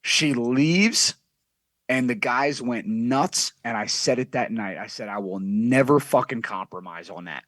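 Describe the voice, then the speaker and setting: A man spins a brash, profane story as a podcast guest, acting out the voices of everyone in it. His voice sits at a middle pitch, recorded dry and close with no room sound. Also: a little slow, a bit bright, no room sound. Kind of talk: casual storytelling.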